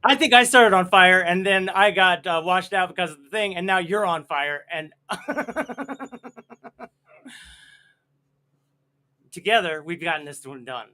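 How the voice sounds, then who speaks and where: Brief: bright, sharp-toned male host, joking through a video call. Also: sits high, expressive, unhurried, pauses often. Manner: playful, self-mocking, laughs often. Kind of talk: casual banter on a livestream.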